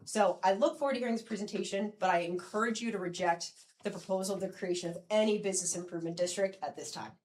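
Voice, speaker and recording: A woman's voice: mid-range voice, fast, a little mellow, slight background noise. A woman in her forties gives a firm, persuasive public comment at a council meeting, congested and short of breath, with frequent ums.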